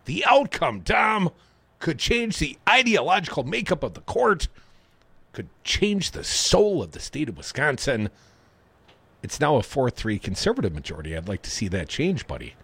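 Husky, animated talk radio man. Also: fairly high pitch, normal speed, no echo. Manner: sarcastic, opinionated commentary. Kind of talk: political talk radio banter.

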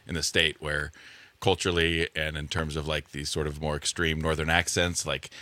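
A man in his forties speaks as a guest on a radio show, pausing and restarting his sentences as he thinks. His voice sits extremely low yet comes across bright and forceful. The studio sound is dry and close. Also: no echo. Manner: relaxed, halting, many restarts and fillers. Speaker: radio guest, music venue owner. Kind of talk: casual radio interview.

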